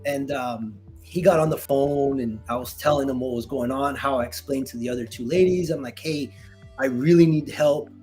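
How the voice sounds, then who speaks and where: A middle-aged man, a retired Marine veteran, telling a story in casual conversation, animated and acting out dialogue with many restarts. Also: mid-range voice, normal speed, soft background music.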